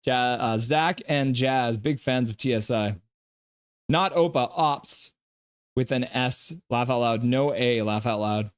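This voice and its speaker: A man's voice: mid-range voice, smooth. Man, live stream host, play-by-play, casual chat reading, jokey banter.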